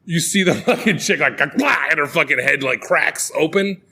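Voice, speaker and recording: A young man co-hosting a podcast, casually and profanely retelling a movie with lively acted-out quotes. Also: fairly high pitch, normal speed, gravelly, slight background noise. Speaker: podcast co-host. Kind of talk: casual chat.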